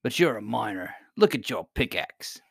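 A man's voice: fairly low pitch, sing-song, normal speed, vocal fry, a bit bright, husky, no echo, studio quality, exaggerated voice. A man reading aloud and voicing a pompous, squat goblin king who speaks with weary dignity. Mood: dignified. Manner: dignified, placating.

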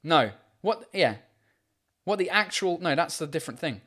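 A man's voice: on the high side, animated, moderate pace, bright, forceful tone. A man hosting a casual livestream from home, reading out viewer comments in a rambling way, with lots of fillers and swearing. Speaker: livestream host.

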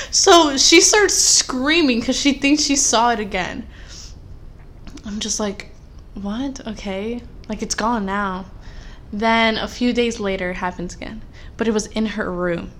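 A young woman co-hosting a podcast in casual chat, telling animated, rambling stories full of fillers. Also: fairly high pitch, slight background noise. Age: young adult. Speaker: podcast co-host.

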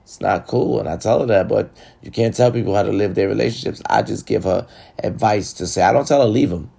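The same blunt, profane relationship-advice monologue continues, aimed straight at viewers in a casual, talkative way. Now his voice is fairly low, fairly quick, creaky, and husky, with a warm tone.

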